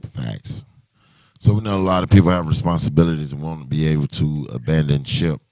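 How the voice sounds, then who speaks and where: A man's voice: a bass voice, brisk, darkish tone, no echo, studio quality. A man hosting a casual livestream chat, talking loosely and rambling with many restarts. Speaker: livestream host.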